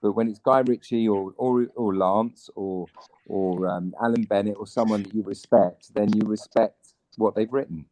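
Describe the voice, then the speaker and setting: Animated actor telling stories. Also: male voice, on the low side, normal speed, rough recording. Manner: animated storyteller, mimics other people. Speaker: actor guest. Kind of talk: casual chat, anecdotes.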